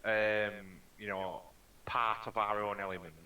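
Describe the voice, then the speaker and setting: A man's voice: fairly low pitch, steady tone, a little slow, sharp tone. A man, co-hosting a paranormal livestream in easygoing casual chat, laughing often and giving short agreements. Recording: voice distant from the mic.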